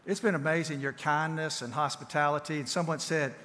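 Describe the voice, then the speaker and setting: A man's voice: on the high side, steady tone, a little fast, pushed and bright. Southern man teaching in a reverberant church. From Tennessee, USA. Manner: folksy, conversational, repeats words and restarts. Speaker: guest speaker and counselor. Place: church sanctuary.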